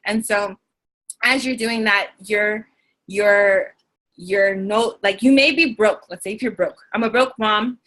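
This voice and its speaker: Bright, earnest young woman giving encouragement. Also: mid-range voice, steady tone, unhurried. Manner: earnest, encouraging, searches for words. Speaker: co-host of a team video call. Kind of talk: motivational talk from notes. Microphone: video call.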